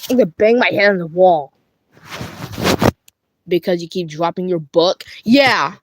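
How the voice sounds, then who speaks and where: A woman's voice: lowish voice, expressive, measured pace, noisy background. A young woman with a British accent voices two plush toys in a playful skit at home, bickering with herself and stumbling over her words. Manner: bickering back and forth between two characters in one voice; stumbling, restarting and rambling. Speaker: puppeteer voicing plush toys.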